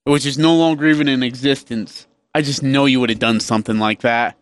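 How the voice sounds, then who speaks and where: A man's voice: mid-range voice, steady tone, fairly quick, hardly any pauses, clear, resonant tone, dry recording, studio quality. A young adult man co-hosting a radio sports show, chatting casually, laughing often and acting out stories. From Utah. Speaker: radio co-host. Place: radio studio. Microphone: studio microphone.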